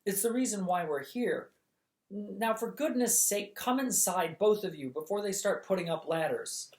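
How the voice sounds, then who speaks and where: Reader voicing a sharp no-nonsense young woman, scolding, storybook. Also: mid-range voice, animated, voice pushed up, lightly acted. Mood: brisk. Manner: brisk, scolding.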